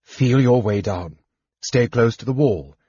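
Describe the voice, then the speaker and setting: A man's voice: medium pitch, a little slow, dark tone, breathy edge. A man reading an audiobook voices an impatient young knight who gives curt orders. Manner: curt, commanding. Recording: dull lo-fi recording.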